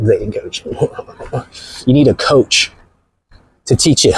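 A man's voice: medium pitch, huge pitch swings, measured pace, creaky, long pauses, breathy edge, no echo. A man hosting a livestream while walking outdoors near the ocean, talking in a mocking, playful way and laughing often. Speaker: livestream host. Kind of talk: joking livestream chatter.

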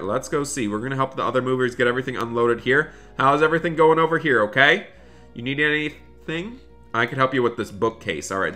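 A man's voice: mid-range voice, pushed and bright. A man doing chatty Roblox roleplay commentary, talking to viewers and his in-game son, with dramatic bursts of dismay.

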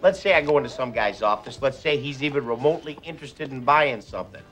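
An actor playing a clumsy, overexcited salesman who acts out his stories with squeals, shouts and sound effects. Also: medium pitch, quick pace, faint music behind, close to an everyday voice. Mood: eager. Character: clumsy overexcited male salesman, wild storyteller. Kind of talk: comic film monologue.

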